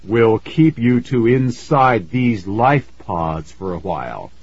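A sinister ghost leader speaks slowly in a deep, coldly calm voice, with icy menace under polite words, as a man acts him out. There is a husky grain to the voice. The storybook recording sounds slightly muffled and dry. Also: dry recording, heavily acted. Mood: coldly menacing. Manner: deep, slow, coldly smooth.

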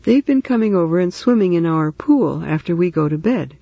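A man's voice: high-pitched, lively intonation, brisk, gravelly, breathy edge, dry recording, highs cut off, full character voice. A man voicing a stern, formal older colonel in a storybook reading. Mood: firm.

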